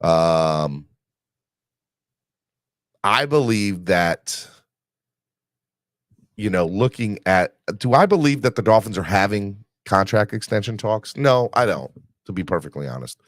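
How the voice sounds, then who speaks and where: A man's voice: on the low side, lively intonation, slow, pauses often, no echo. A man hosting a casual sports podcast, rambling with restarts while recovering from an illness. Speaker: podcast host.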